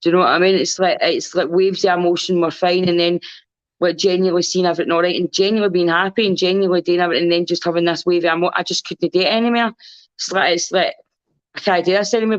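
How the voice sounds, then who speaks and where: A woman's voice: fairly low pitch, no echo. A Scottish woman speaking as a podcast guest in casual chat, rambling and candid and swearing freely. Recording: dull lo-fi recording.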